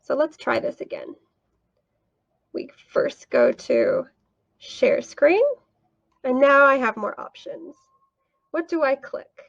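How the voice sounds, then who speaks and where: A woman's voice: high-pitched, huge pitch swings, slow pace, pauses often, fairly bright tone, muffled recording. A young woman teaching online, walking through a screen-share tutorial with a patient, teacherly manner. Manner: clear, patient, teacherly, asks and answers her own questions. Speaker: English teacher and teacher trainer.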